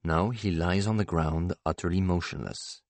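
Deep low guy reading a novel, calm and dry, super close dead sound. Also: moderate pace, dry recording. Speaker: audiobook narrator. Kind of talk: scripted first-person narration.

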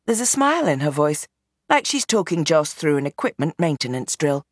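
A woman reading a novel aloud in measured, tense scripted narration. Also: low-pitched, big pitch swings, slightly rough, no room sound, studio quality. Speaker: audiobook narrator.

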